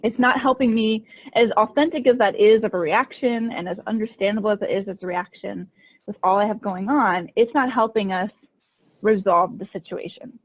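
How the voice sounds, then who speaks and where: This medium-pitched woman speaks at a moderate pace, sharing casual stories as a podcast host and coach. Her chatty style leans heavily on "like," and the recording sounds tinny and phone-like.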